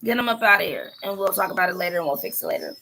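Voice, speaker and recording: A woman hosting a casual livestream chat, blunt and animated, sometimes trailing off into near-whispers. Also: lowish voice, rapid-fire, creaky, a little hiss or hum, low-quality recording. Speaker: livestream host.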